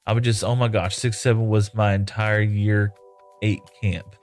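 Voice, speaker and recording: A man with a fairly low voice streams a game live, rambling casually between tasks and reading out viewer comments. He is relaxed and laughs easily. Faint music plays softly behind him. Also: moderate pace. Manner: rambling and easygoing, laughs often.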